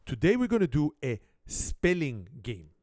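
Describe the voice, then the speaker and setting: A man's voice: a little high, wildly swooping pitch, normal speed, darkish tone, no echo, clean studio sound. A middle-aged man from Israel with an Israeli accent and broken English grammar, a native Hebrew speaker hosting a playful family spelling game and telling a comic story. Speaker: family game show host.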